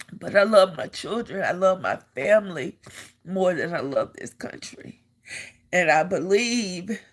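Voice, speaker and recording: Speaking earnestly in a low voice and taking her time with each word, an older woman shares a personal story from her own experience, repeating phrases for emphasis. She is an army veteran who vlogs.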